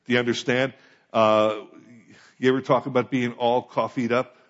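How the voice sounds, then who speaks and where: With a mid-range voice, flat delivery, and normal speed, this American pastor preaches a sermon heard through dull audio. He talks conversationally and poses frequent questions to those listening.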